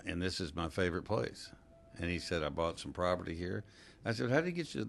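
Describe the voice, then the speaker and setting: Gravelly low-voiced male host. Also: slight background noise. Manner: storytelling, acts out quoted voices. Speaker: talk show host. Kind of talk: casual chat.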